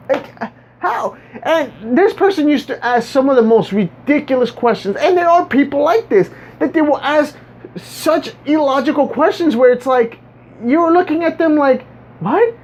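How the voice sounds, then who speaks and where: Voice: high voice, expressive, unhurried. A vlogger ranting casually to viewers, rambling and stumbling over repeated words with a sarcastic edge. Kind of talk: casual monologue rant. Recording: dull lo-fi recording.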